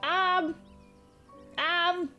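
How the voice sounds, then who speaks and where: Woman, very high-pitched, casual stream chat, swears a lot, chatty storyteller. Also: drawn-out words, highs cut off, faint music behind. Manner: rambling, swears freely, laughs at her own stories; chatty and animated while reading donations.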